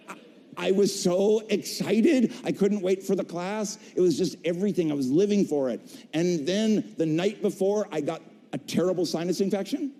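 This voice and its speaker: Animated man storytelling on a big stage. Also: high voice, normal speed. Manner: animated storyteller, acts out voices and jokes. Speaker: voice actor telling his career story. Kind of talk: stage talk to a convention audience. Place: large convention hall stage. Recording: long hall reverb.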